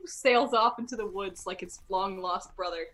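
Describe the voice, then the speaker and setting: A woman playing a character in a tabletop role-playing game, with an expressive, playful manner. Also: medium pitch, normal speed. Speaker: player.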